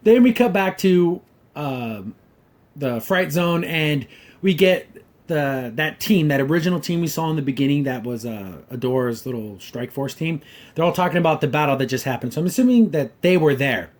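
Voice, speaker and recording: A man's voice: a little high, lively intonation, moderate pace, a little mellow. A man hosting a podcast, giving a casual, rambling and wry review of a cartoon episode. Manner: rambling, hedges often with "kinda" and "like"; wry and critical.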